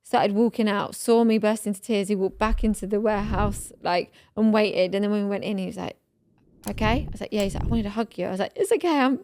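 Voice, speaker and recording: A woman's voice: medium pitch, steady tone, fast, darkish tone, no echo. Woman telling a rambling story. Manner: rambling, emotional storytelling with many fillers. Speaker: podcast co-host. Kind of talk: casual chat.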